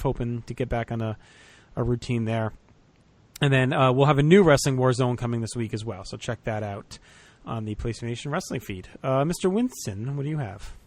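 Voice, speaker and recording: A man's voice: mid-range voice, no echo. Male podcast host, loose chatty delivery, dry close mic. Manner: relaxed, rambling with fillers. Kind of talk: casual podcast chat.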